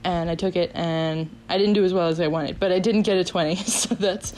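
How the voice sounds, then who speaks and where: A woman in her twenties casually telling a story on a podcast, animated, laughing often and acting out what people said. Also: lowish voice, brisk, slight background noise, rough recording. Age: 20s.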